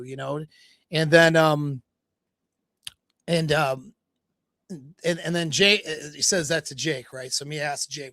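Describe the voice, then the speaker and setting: A man coaching on dating over a livestream, his voice sitting a little high for a man. He rambles through a story and acts out quoted dialogue between his fillers. The sound is close and dry. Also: moderate pace, fairly bright tone, no echo. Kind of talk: livestream talk, retelling a story.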